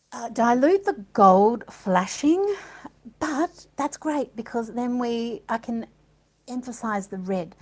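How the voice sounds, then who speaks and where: A woman's voice: on the high side, a little mellow, low-quality recording. A woman giving a casual art demonstration, chatting and thinking aloud as she works, with delighted little gasps. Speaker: art supplies presenter.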